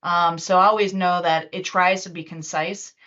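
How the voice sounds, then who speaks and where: A woman presenting a live software demo in a casual, chatty way, with many fillers and restarts. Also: fairly low pitch, steady tone, a little slow. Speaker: webinar presenter and user group organizer. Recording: dull lo-fi online meeting audio.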